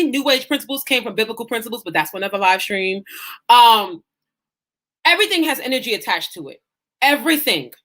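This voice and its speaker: A woman's voice: on the high side, pushed and bright. A woman life coach giving a live-streamed coaching lesson, talking in an emphatic, folksy, preacher-like way. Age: adult mother.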